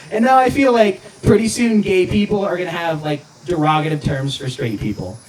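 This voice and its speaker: A man's voice: high-pitched, brisk, reverberant, slight background noise. A man doing a stand-up comedy set, crude and self-interrupting, often laughing at his own jokes. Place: outdoor backyard show. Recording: live crowd recording from far off. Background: audience laughing.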